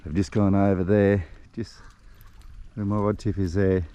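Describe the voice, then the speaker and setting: A man's voice: sits low, little pitch movement, a little slow, mellow, muffled recording, slight background noise. An Australian man vlogging from his fishing boat, telling a rambling, self-deprecating story with frequent laughs. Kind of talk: casual storytelling to camera. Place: outdoors on a river boat.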